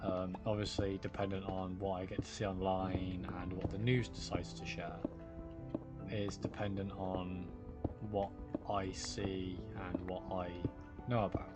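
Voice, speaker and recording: Low-voiced British man streaming a game. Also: little pitch movement, measured pace. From United Kingdom. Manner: rambling, reassuring, greets chatters by name. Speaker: livestreamer. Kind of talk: casual live-stream chat with viewers. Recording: music playing behind the voice.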